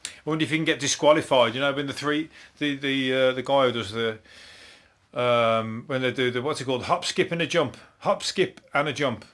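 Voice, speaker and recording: A man's voice: mid-range voice, a bit bright. A man with a Birmingham accent hosting a comedy podcast, rambling through news stories, swearing freely and laughing at his own jokes. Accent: Birmingham (Brummie). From Birmingham, England. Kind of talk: solo comedic news review.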